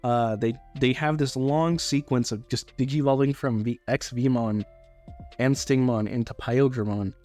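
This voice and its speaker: A man's voice: mid-range voice, fairly even intonation, a little slow, a little mellow, soft background music. A young man casually recapping a movie, rambling with loose, swearing talk and frequent restarts. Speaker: YouTuber reviewing a movie.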